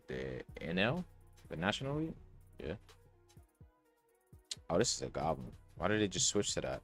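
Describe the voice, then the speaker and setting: A young male podcast host with a low voice chats casually about sports bets, thinking out loud with slang and swearing. The recording is dry and close-miked, with faint music.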